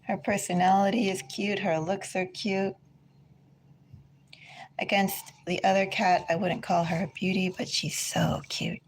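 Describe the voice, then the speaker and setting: A woman giving a casual tarot reading from home, chatty and unhurried, drifting into side remarks. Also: medium pitch, little pitch movement, a little hiss or hum. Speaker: tarot reader. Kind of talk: casual spiritual reading chat.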